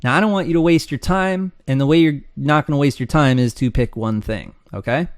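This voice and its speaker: A man's voice: fairly high pitch, a little fast, no echo, clean studio sound. A man teaching how to start an online business in a loose, rambling way, acting out his students' complaints. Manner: rambling, animated, acts out students' voices. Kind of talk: casual screen-share teaching.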